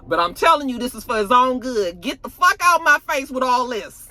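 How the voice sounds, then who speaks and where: A hard, no-nonsense uncle, played by a woman recapping a show lays down the law. His words come low and firm, sprinkled with swearing, and the pitch still moves freely. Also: very animated, fairly quick, bright, forceful tone, no room sound, full character voice. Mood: stern. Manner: firm, lowered, profane scolding. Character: stern uncle scolding the family, man.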